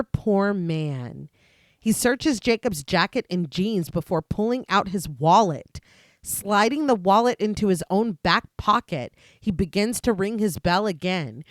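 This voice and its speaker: A woman podcast host reading a steady, scripted recap of a film's plot, with dry asides. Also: medium pitch, no room sound.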